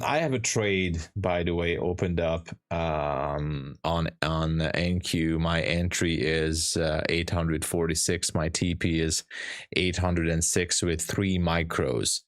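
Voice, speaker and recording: A man's voice: deep voice, fairly even intonation, slow. A man streaming his live day trading, chatting casually and hesitantly, often restarting his sentences and teasing dryly.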